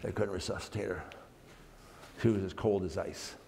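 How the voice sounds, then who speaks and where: A man's voice: sits low, normal speed, creaky, darkish tone. A man speaking at a camp meeting, telling a story dramatically for family worship, often restarting his phrases. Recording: long hall reverb, faint background noise.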